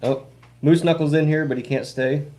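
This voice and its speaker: A man co-hosting a casual stream, relaxed, reading out viewer comments and adding quick asides. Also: on the high side. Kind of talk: casual chat.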